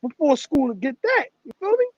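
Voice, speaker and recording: A man's voice: very high-pitched, sing-song, brisk, no room sound. A man hosting a casual online chat, talking loosely and profanely and laughing often. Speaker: host. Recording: dull lo-fi dry sound.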